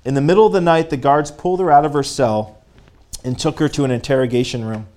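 A man preaching a sermon, reading a story aloud and pausing to speak directly to his congregation, growing fervent. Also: mid-range voice, darkish tone.

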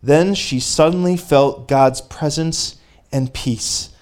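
Fervent preacher, slightly high voice. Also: male voice, takes it slowly, darkish tone. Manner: reads a story aloud and stops to speak to the congregation, rising to fervent. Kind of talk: sermon.

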